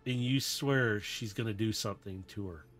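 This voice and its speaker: A man's voice: lowish voice, normal speed, a bit bright. A man narrating a tabletop role-playing game as game master, in a casual, loose way. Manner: casual, loose, with many "kinda".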